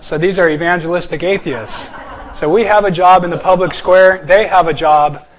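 A man's voice: high-pitched, steady tone, lo-fi sound. Joking man teaching an apologetics class. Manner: joking, emphatic, slows down to stress words. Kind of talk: classroom lecture with slides.

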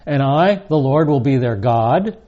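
Male Bible teacher with a mellow, unhurried delivery, slightly dull sound. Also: medium pitch, expressive. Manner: measured teaching, reads verses aloud with emphasis. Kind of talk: recorded Bible lesson.

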